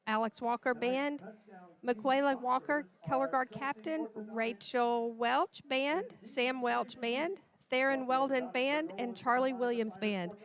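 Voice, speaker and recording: A woman, announcing for a livestream sports broadcast and reading out lists of names in a chatty way. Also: sits high.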